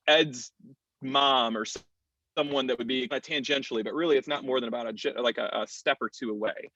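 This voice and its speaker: An American clergyman and campus chaplain speaks reflectively in a panel discussion, thoughtful but full of fillers and restarts. His voice is medium-pitched and slightly bright. The recording is dull, lo-fi and dry, with a muffled quality and no room sound.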